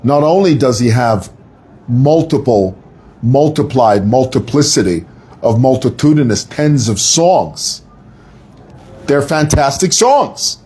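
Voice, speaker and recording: A man hosts a live-stream broadcast in a loose, playful, rambling manner, wandering off on asides as he chats with viewers. His voice is husky and sits in a middle register. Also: medium pitch, lively intonation, slow pace, a little mellow. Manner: chatty, playful, digressive. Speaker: online show host. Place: city workplace.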